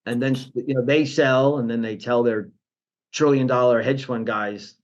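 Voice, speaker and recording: A man talking as a guest in a financial interview. His pitch sits in the middle range. He talks in an animated way, restarts his sentences often and acts out other people's voices to mock them. The audio sounds dull and lo-fi. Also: normal speed. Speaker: guest, portfolio manager.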